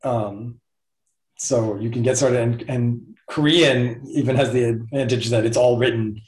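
A man of middle pitch talking through an idea patiently and step by step, as a guest in a relaxed interview. His voice carries a noticeable roomy echo. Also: a little slow. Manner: thoughtful, explains step by step. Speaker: guest mathematics professor. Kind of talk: casual conversational interview.

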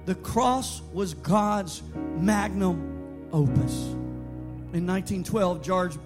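A man preaches an emphatic sermon in a church, his voice high. He tells stories and drives his points home. Steady music plays behind him. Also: takes it slowly. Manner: emphatic, builds to shouted declarations. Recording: sermon over background music.

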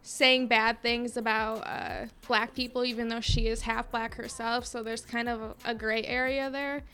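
A woman's voice: a little high, little pitch movement, moderate pace, bright, forceful tone, faint music behind. A woman guest on a casual podcast, explaining things in a rambling, amused way with lots of fillers. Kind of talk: casual chat.

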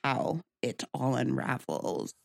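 A woman's voice: extremely low pitch, animated, takes it slowly, gravelly, dry recording, clean studio sound. A young woman co-hosting a podcast, chatting casually about shows with lots of fillers and restarts. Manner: rambling, many fillers and restarts. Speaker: podcast co-host. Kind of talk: casual chat.

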